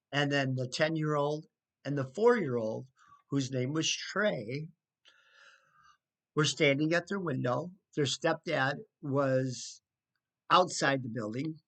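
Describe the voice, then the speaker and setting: A man telling a personal story in a casual, indignant way, with sarcastic asides and halting restarts. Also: fairly high pitch, fairly bright tone. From United States. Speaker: storyteller recounting trouble with neighbors. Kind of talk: casual spoken storytelling to camera.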